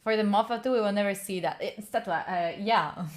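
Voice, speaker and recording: Speaking at a moderate pace in a mid-range voice, a woman from Italy rambles through a casual live-stream chat with her study-stream viewers. Italian is her first language, and she keeps things playful, poking fun at herself and laughing often.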